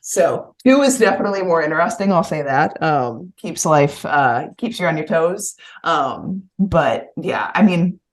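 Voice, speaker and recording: A woman in her thirties, a podcast co-host, telling a lively family story and imitating her children. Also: deep voice, measured pace, hardly any pauses. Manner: animated, mimics her kids' voices. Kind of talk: casual storytelling.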